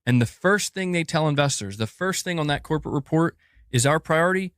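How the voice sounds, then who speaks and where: A man's voice: a little high, lively intonation, fairly quick, fairly bright tone, smooth, no room sound, clean studio sound. A man on a gaming podcast, exasperated and dismissive as he gives his opinion. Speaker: gaming podcaster in a played clip.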